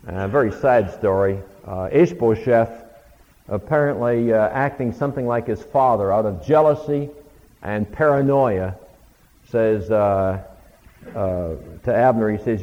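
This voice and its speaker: Heard through lo-fi audio with a long hall reverb, a man lectures on the Bible in a conversational style, quoting characters' lines as he retells the stories. His voice is fairly low and darkish, and he speaks without hurry.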